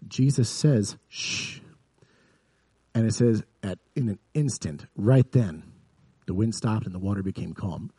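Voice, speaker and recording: Male pastor, low husky voice, dry close sound; earnest sermon delivery. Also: moderate pace, dry recording. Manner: earnest, builds to vivid emphasis then drops soft.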